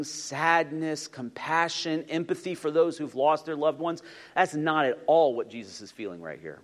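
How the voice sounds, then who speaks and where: Man, pastor, lively sermon delivery with audience call-outs, high voice, long hall reverb. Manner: animated, asks the audience to respond.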